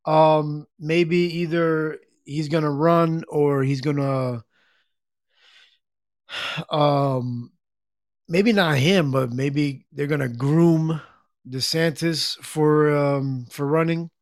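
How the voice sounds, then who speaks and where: A male podcast host talks slowly in a slightly high voice, stopping and restarting his sentences with lots of fillers. He clears his throat often while chatting casually with his listeners. The sound is dry and close, with almost no room echo. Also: fairly even intonation. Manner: slow, halting, many fillers and restarts, frequent throat clearing. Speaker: podcast and internet radio host. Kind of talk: casual live-stream chat reading comments.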